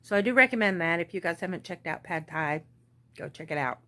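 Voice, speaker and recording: A woman in her forties with a relaxed Southern US accent chats to the camera from her home, recorded on a tablet. Her voice sits a little low, and she wanders from topic to topic with easy fillers and restarts. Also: fairly quick. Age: 40s. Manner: chatty, rambling, with fillers. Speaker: crafting vlogger. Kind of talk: casual vlog chat. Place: at home, indoors. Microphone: tablet or phone camera.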